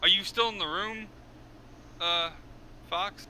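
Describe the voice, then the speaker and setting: A man's voice: high-pitched, steady tone, takes it slowly, sharp tone, slight background noise. A man running a tabletop game as game master, laughing easily and tripping over his words as he corrects himself.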